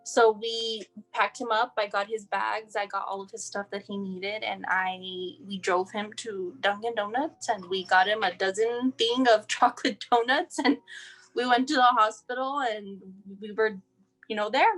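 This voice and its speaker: A young woman from El Paso, Texas shares her child's story in an interview at a normal speed, getting emotional, dramatizing the dialogue, and frequently restarting. Her mid-range voice is steady and fairly bright. Faint music sits behind a rough recording.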